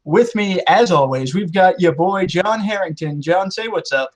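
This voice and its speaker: A man's voice: high voice, lively intonation, normal speed. A man hosting a casual game show podcast, joking with a playful, mock-grand showman manner.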